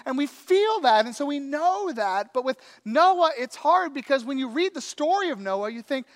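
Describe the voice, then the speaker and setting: A man preaching a sermon, telling a story in an animated, conversational way with acted-out quotes. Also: extremely high pitch, fairly quick, hardly any pauses. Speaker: pastor.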